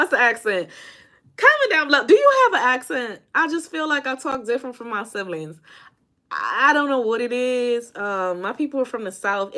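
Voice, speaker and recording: A woman's voice: medium pitch, pushed and bright. A woman from Indiana, a life coach, giving an emphatic, casual motivational talk to her viewers, repeating phrases and calling them y'all.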